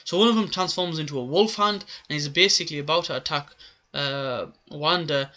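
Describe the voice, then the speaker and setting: A man's voice: a little high, fairly quick, bright, forceful tone. A man giving a casual, rambling recap of a comic chapter, with many filler words. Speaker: manga reviewer.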